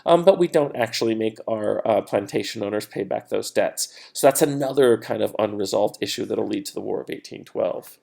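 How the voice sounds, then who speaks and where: A man's voice: on the low side, brisk, creaky, a little mellow. A man giving a recorded history lecture in a casual, conversational way, with frequent fillers and playful quoted voices. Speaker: history teacher.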